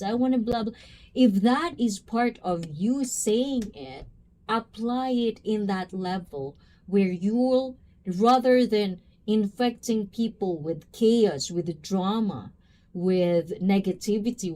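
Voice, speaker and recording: A woman's voice: medium pitch, dark tone. A woman hosting a casual livestream, chatting with viewers and calling them by name. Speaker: livestream host reacting to chat.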